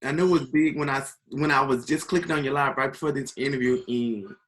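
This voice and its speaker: A man interviewing a guest in a gentle, soft-spoken and supportive way. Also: medium pitch, fairly even intonation, quick pace, a little hiss or hum, rough recording. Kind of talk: casual interview.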